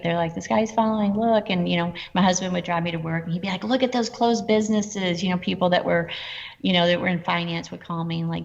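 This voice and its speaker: A middle-aged woman telling stories in a casual interview, animated and quoting people in dialogue. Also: on the low side, vocal fry. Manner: animated, quotes herself and others in dialogue. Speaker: guest entrepreneur. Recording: dull lo-fi sound with long reverb.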